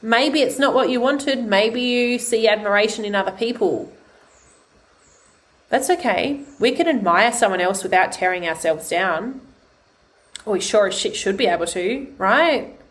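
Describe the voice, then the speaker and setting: A woman's voice: medium pitch, unhurried, fairly bright tone. A woman hosting a podcast, giving a passionate, heartfelt motivational monologue full of emphatic swearing. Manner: heartfelt and vulnerable. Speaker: podcast host.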